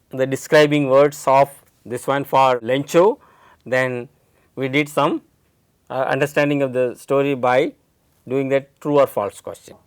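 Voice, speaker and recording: A man's voice: a little high, dry recording, clean studio sound. A man with an Indian English accent teaching an English lesson, asking a student questions and explaining step by step.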